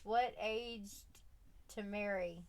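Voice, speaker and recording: A woman's voice: medium pitch, fairly even intonation, takes it slowly. A woman hosting a drawing livestream from home, chatting casually, reading chat aloud and laughing often. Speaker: art livestream host.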